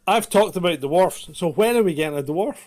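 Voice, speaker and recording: Bloke on a podcast, kinda high voice, cracking jokes. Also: male voice, lively intonation, a little fast, darkish tone. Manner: joking, laughs often. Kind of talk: casual podcast chat.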